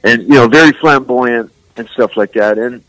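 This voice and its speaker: An older man from San Francisco, a musician guest, telling rambling, animated stories full of "man" and "you know.". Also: medium pitch, moderate pace, no room sound, rough recording. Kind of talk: casual storytelling interview.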